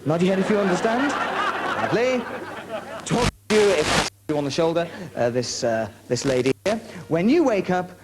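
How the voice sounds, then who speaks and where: This very noisy VHS tape captures a male stage hypnotist hosting a show before a studio audience. He speaks fairly quickly in a high, sing-song voice while giving his subjects coaxing yet commanding instructions.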